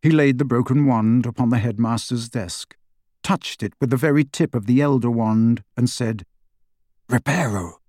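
Steady male audiobook narrator, dry sound. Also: medium pitch, moderate pace, dry recording. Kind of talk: scripted narration.

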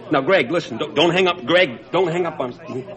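A man's voice: on the high side, a little fast, a faint crowd, lightly acted. An actor playing a rich, middle-aged man on the phone, wheedling and pleading with his estranged grown son, in a 1970s sitcom with a studio audience behind him.

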